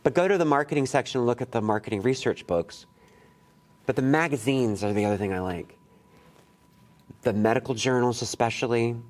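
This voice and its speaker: Speaking a little fast and pausing often, a man with a mid-range voice runs a poetry workshop in a college classroom. His talk is casual and digressive, candid with the students, and sprinkled with casual swearing and rambling asides.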